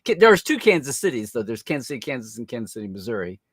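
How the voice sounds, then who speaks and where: A man's voice: medium pitch, big pitch swings, very fast, husky, no room sound, clean studio sound. An American man hosting a casual live-stream chat, rambling with restarts and reading viewer comments aloud. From United States. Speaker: host.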